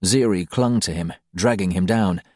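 A man narrating an audiobook in a calm, unhurried reading. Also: sits low, no echo, clean studio sound.

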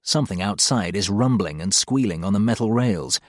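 A male narrator reading a first-person story with dry, wry humor. His pitch moves expressively through each line, and the recording is close and completely dry. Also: lively intonation, brisk, few pauses, no echo. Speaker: audiobook narrator.

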